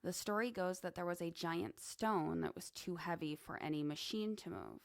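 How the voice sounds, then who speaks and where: Woman podcast host, low and slow, gravelly, dry close sound, musing monologue. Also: animated, no room sound. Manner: slow, musing, conversational with asides. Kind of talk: casual monologue on esoteric topics.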